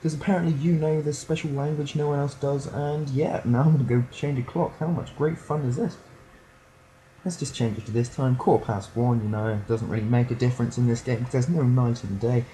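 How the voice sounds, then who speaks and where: A man's voice: medium pitch, fairly even intonation, a little fast, dark tone. A teenage boy, rambling and joking through a let's play commentary. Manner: rambling, joking, does silly voices for game characters. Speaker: gameplay commentator. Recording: poor audio, slightly distant at times.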